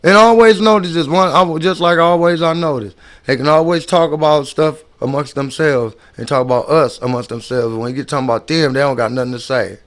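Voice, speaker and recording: A man's voice: on the high side, fairly quick, a bit bright. A man giving casual ranting commentary on videos, emphatic and slangy, often repeating and restarting his words.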